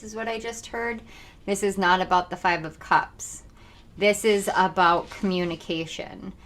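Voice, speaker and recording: A young woman giving a channeled tarot reading to her viewers, talking fast, intense and earnest. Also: on the low side, fairly bright tone. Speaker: tarot reader.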